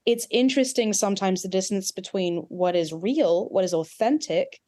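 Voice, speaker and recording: A woman with an Australian accent touched by American sounds, a dialect coach explaining things in a podcast interview. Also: mid-range voice. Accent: Australian with some American influence. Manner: animated, explanatory, quick asides.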